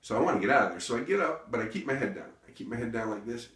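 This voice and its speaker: A comedian rambling through a comic story with self-interruptions and deadpan asides. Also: male voice, medium pitch, racing. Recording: echoey room, distant mic.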